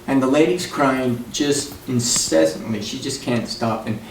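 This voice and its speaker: At a memorial service, a man with a creaky, mid-range voice speaks at a measured pace, telling rambling, folksy stories and laughing often. The mic is distant, in an echoey hall with noise.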